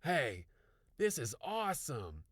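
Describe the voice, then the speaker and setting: A man's voice: mid-range voice, big pitch swings, moderate pace, fairly bright tone, no room sound, clean studio sound, voice pushed up. A man voicing a bragging, show-off boy in a slightly raised voice for an audiobook. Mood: cocky. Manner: bragging, brash.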